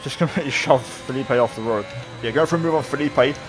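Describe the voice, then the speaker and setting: A man talking through a replay of his own online race, relaxed and reflective, with many fillers. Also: mid-range voice, fast talker. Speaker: sim racing video creator. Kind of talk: replay commentary voice-over.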